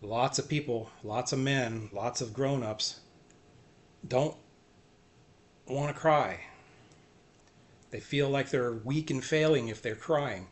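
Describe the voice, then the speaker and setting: Earnest soft-spoken man sharing faith. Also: mid-range voice, slow, pauses often. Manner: earnest, self-encouraging, repeats short phrases. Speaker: faith vlogger. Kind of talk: personal faith talk to camera.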